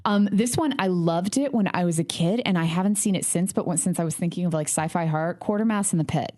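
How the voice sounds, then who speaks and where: Laughing woman co-host, low-pitched. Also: darkish tone. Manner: laughs often, quick interjections. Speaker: podcast co-host. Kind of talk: casual film chat.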